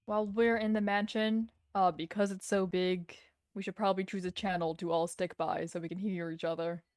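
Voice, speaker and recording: A woman's voice: mid-range voice, level tone, a little fast, darkish tone, no room sound, studio quality. A woman chatting playfully and insistently while playing a roleplay game with friends. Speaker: streamer playing a roleplay server. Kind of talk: casual gaming chat.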